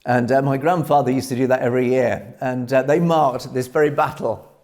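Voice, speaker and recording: A man hosting a news commentary show, telling military history in an earnest, measured way with frequent hesitations. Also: medium pitch, steady tone, a little mellow.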